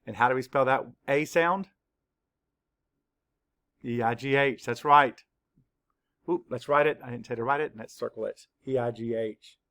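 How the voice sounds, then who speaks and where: A man teaching a children's spelling lesson, spelling words slowly, letter by letter, with clear, patient instructions. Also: mid-range voice, fairly bright tone. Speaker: third-grade teacher.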